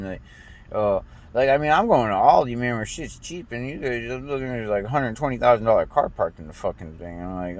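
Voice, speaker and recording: A young American man fires off an animated, casual rant, talking a little fast in a mid-range voice with slight background noise behind him. It's profane and rambling, with stammers and repeated restarts.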